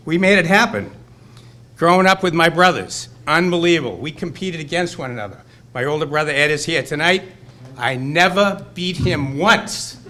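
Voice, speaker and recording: A man's voice: on the high side, bright, forceful tone, a little hiss or hum. A man in his sixties with a Boston accent, giving a rambling, nostalgic acceptance speech at a hall of fame banquet. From Burlington, Massachusetts. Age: 60s. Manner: rambling, nostalgic, fired-up storytelling.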